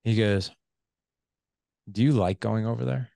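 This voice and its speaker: Podcast host, man, 40s, gravelly low voice, animated storyteller, dry close sound. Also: a little slow, no echo. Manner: animated storyteller who acts out quoted dialogue. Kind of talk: casual storytelling conversation.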